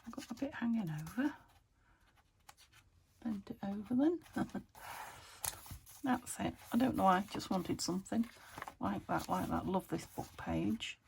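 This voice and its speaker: A woman's voice: medium pitch, animated, unhurried, creaky, pauses often, a little hiss or hum. A British woman chatting to herself while crafting, thinking aloud and often dropping into a whisper. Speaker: craft vlogger. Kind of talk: casual narration while crafting.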